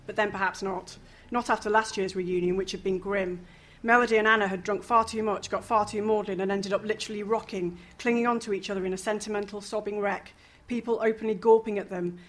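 A woman reading a novel aloud, lively, with casual asides and the odd chuckle. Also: medium pitch, a little hiss or hum. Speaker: reader.

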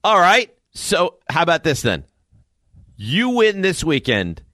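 Animated sports radio co-host, man. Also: a little high, slow, no echo, studio quality. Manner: animated, laughing, dramatic mock growls. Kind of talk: casual studio banter. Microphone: studio microphone.

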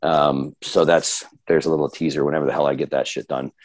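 A man's voice: rumbling low, level tone, fairly quick, no room sound. A man talking as a podcast guest in a laid-back, casual way, swearing easily and joking at his own expense. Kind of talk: casual chat.

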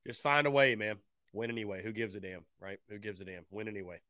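A man's voice: on the low side, fast, bright, forceful tone, no echo, studio quality. A man hosting a call-in sports talk show, upbeat and fond of repeating phrases for emphasis. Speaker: sports radio show host.

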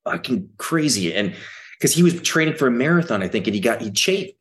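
A man appearing as a podcast guest, chatting casually in a relaxed, rambling way full of restarts. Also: medium pitch, fairly quick, a little hiss or hum. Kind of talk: casual chat.

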